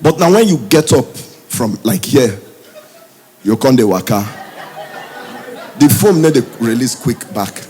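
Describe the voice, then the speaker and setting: A Nigerian man doing stand-up comedy in Pidgin English, telling stories in an animated way. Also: medium pitch, measured pace, long pauses, some chatter behind, a little hiss or hum. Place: comedy stage before a live audience.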